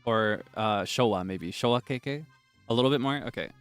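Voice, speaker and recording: A man streaming a game, chatting casually and rambling between sudden loud, high outbursts. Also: a little fast, smooth, faint music behind. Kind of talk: casual gameplay chat.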